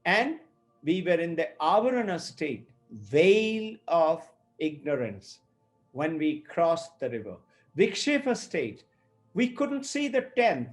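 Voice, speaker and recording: Male teacher of scripture, high-pitched and unhurried, storytelling style, soft music underneath. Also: sing-song. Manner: storytelling, acts out quoted speakers. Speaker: spiritual teacher. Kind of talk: explanatory talk on scripture.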